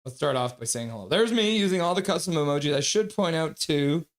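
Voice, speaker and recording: A man's voice: fairly high pitch, lively intonation, fairly quick. A man hosting a live hockey watch-along stream, joking around and greeting viewers from chat in a casual way. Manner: jokey, reads chat messages aloud and greets viewers.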